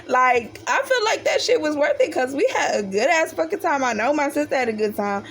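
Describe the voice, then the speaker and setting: A woman's voice: high voice, fairly quick, slight background noise. A young woman telling a childhood story in a casual, profane storytime style, acting out the voices of her family. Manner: animated, profane, acts out the voices of family members.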